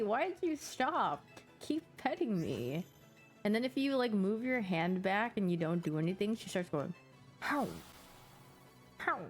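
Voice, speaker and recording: A woman streamer chatting casually and giggling, acting out her pet's reactions as she talks. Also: mid-range voice. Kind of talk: casual chat.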